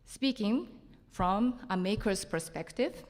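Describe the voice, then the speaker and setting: A woman's voice: mid-range voice, animated, takes it slowly. A woman with a Japanese accent giving a chatty, self-joking conference talk. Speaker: seminar speaker. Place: large conference hall. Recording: echoey hall reverb.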